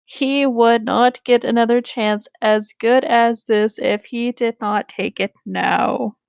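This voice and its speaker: A woman with a slightly high voice who reads a ridiculous story aloud in an amused, wry tone. The sound is dry and close. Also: fairly even intonation, slow pace, creaky, clear, resonant tone, no room sound, lo-fi sound. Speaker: reader. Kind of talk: comic read-aloud.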